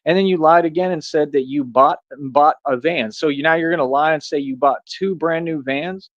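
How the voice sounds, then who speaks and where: A man's voice: on the high side, normal speed, dry recording, muffled recording. A man streaming a confrontational monologue, firing off repeated rhetorical questions in a casual street-talk way. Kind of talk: ranting monologue to camera.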